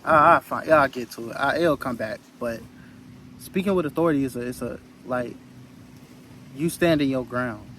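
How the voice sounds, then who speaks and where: A man's voice: medium pitch, normal speed, bright, forceful tone, slight background noise, rough recording. A man giving an earnest, rambling motivational talk into his phone outdoors, repeating phrases for emphasis. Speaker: spiritual vlogger.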